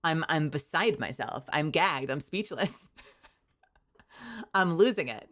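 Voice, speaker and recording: Bubbly low-voiced woman streamer. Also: animated, slow, pauses often, fairly bright tone. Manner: bubbly, rambling, laughs often. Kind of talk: casual livestream chat.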